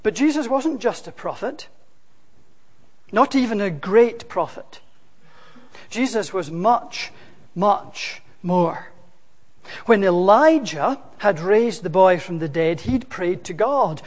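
A preacher delivering a sermon in an emphatic way, rising to loud, dramatic quotations. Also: mid-range voice, big pitch swings, slow pace, slightly rough. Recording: long hall reverb.

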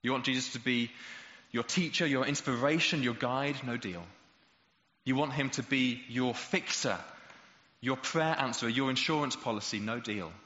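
A man's voice: medium pitch, moderate pace, pushed and bright. A man preaching a sermon, emphatic and rhetorical, building to passionate peaks. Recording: dull echoey hall recording.

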